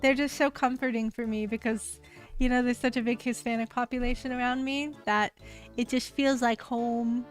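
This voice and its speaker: Chatty American woman streamer, slightly high. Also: level tone, moderate pace, faint music behind. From United States. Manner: chatty and rambling, full of "like". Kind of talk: casual chat with viewers.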